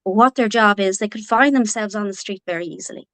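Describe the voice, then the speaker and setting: A woman's voice: medium pitch, brisk, a bit bright, dry recording. A woman from Donegal with an Irish accent, an author talking earnestly as an interview guest, with many fillers and restarts. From Ireland, Donegal. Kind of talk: casual interview talk.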